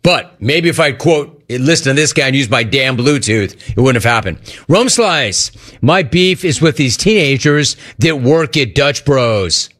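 A man hosting a call-in talk radio show, telling stories and ranting in an animated way. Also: mid-range voice, a little slow.

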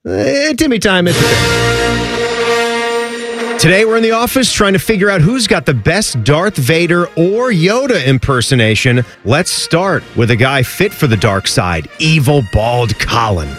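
Guy hosting an office bit, teasing everyone, lively voice, faint music behind. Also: on the high side, normal speed, few pauses. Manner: joking, teasing. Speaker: host. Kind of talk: casual office comedy bit.

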